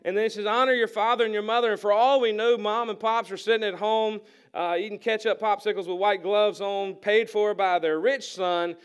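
A man's voice: high-pitched, fairly even intonation, moderate pace, clear, resonant tone. A pastor preaching a conversational sermon to his congregation, acting out the people in the story with humor. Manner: conversational, acts out voices with humor. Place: church sanctuary.

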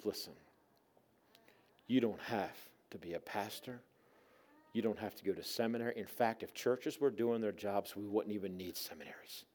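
A man preaching a sermon as a guest speaker, telling a personal story with strong emotion, dropping to a hush and then rising loud, often calling out to the congregation. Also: lowish voice. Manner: emotional storyteller, swings from hushed to loud, addresses folks directly. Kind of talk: sermon testimony.

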